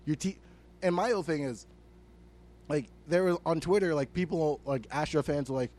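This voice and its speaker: A young man with a slightly high voice rants about sports on a casual comedy podcast. He swears freely and leans on filler words. His delivery stays animated and chatty. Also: moderate pace. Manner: animated ranting, swears a lot, many fillers. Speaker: podcast co-host.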